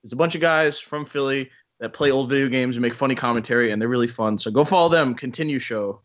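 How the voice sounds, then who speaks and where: A man chatting on a podcast in a rambling, jokey way, often trailing off mid-thought. His voice sits at a middle pitch and sounds a bit dull and muffled. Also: fast talker, a bit bright. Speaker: podcast co-host. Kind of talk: casual chat.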